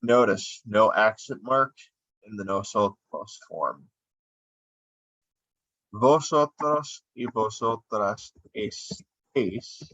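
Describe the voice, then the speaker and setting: Casting: man, lowish voice, slow and patient, screen-recorded lesson, dull dry lo-fi sound. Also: fairly bright tone, dry recording. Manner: unhurried, explaining while drawing on screen. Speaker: Spanish teacher.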